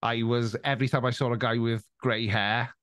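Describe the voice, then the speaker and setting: A man with a Welsh accent spins animated anecdotes as a podcast guest, often restarting his sentences mid-thought. His voice sits at an ordinary middle pitch for a man. The recording is close and dry, with no room echo. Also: fairly quick. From Wales. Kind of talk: casual interview chat.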